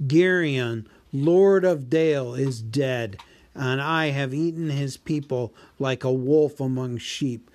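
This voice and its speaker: Guy doing a big old boasting dragon, slow and loud, pitched up, gloating over every word. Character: huge boastful ancient male dragon, menacing.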